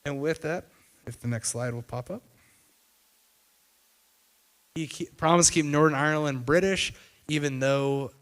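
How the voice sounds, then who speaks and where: A man with a clear, resonant voice on the high side, talking at normal speed, presents a casual explanatory video commentary. He keeps it conversational with fillers and loose restarts, retelling events through "he's like" and paraphrased quotes.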